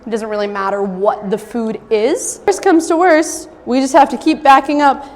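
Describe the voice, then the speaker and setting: Young woman dog trainer talking thru a puppy lesson, kinda high voice, big reverby space with faint background hum. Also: moderate pace. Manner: calm explaining, bursts into high-pitched puppy talk. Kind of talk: instructional demonstration. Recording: long reverb with faint ambient noise.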